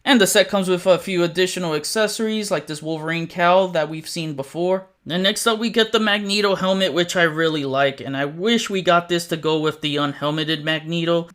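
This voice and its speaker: A man's voice: a little high, pushed and bright. A man reviewing action figures in a chatty, enthusiastic way. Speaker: toy reviewer. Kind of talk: casual toy review.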